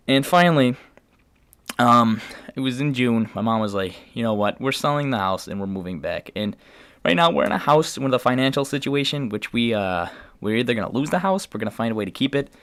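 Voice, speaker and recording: A man's voice: medium pitch, fairly bright tone, smooth, no room sound. A teenage man from the New York area telling a long personal story to camera in a casual, rambling way, full of fillers and restarts. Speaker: vlogger.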